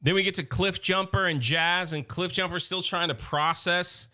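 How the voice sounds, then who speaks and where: A man with a bright, forceful voice pitched a touch high, recapping a comic story in a casual, fan-excited way. He chats loosely with plenty of fillers and gushes about favorite characters. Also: moderate pace. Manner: enthusiastic fan, laughs and gushes, conversational fillers. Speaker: comic book recap host.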